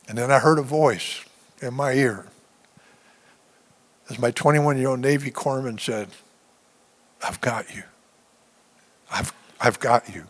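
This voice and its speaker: Older man, 70s, halting church testimony, mid-pitched voice, long hall reverb. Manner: halting storytelling with many restarts. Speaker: guest speaker, veteran. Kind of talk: personal testimony sermon. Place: church sanctuary.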